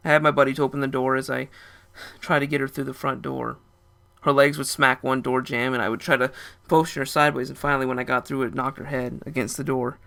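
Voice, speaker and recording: A man's voice: medium pitch, flat delivery, quick pace, gravelly, pushed and bright. A young man narrating a first-person story in a casual, rambling way.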